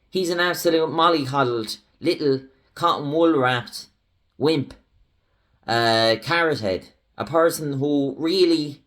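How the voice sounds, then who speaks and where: A man's voice: on the high side, a bit bright. A young Irish man, hosting his own channel, delivering a heated, ranting political commentary monologue. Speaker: channel host.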